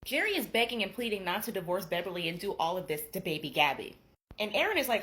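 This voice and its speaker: A young woman in her twenties casually recapping a book, gossipy and animated, swearing freely. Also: medium pitch, fast. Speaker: booktuber.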